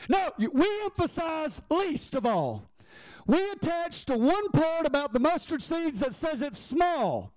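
A man preaching a sermon, impassioned and rising to shouts before dropping to hushed prayer. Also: very high-pitched, very animated, unhurried, no echo, studio quality.

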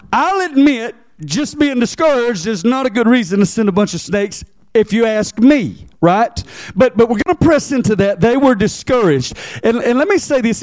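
A man's voice: very high voice, darkish tone, no room sound, clean studio sound. A man preaching a sermon as pastor, talking conversationally, restarting his sentences and checking in with the congregation with "right?" and "amen?". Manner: repeats words as he restarts sentences.

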